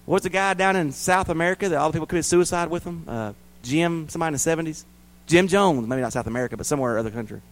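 A man preaching a sermon as a pastor to his church, rising loud and high, then dropping quiet and low. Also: lively intonation, very fast, rough recording.

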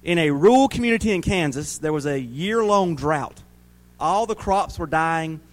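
Man, pastor, sermon, high voice, folksy jokes, emphatic preaching. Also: expressive, normal speed.

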